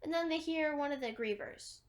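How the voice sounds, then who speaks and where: A woman's voice: high voice, normal speed. A woman casually retelling a movie's plot, rambling with lots of fillers and restarts. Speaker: movie recapper.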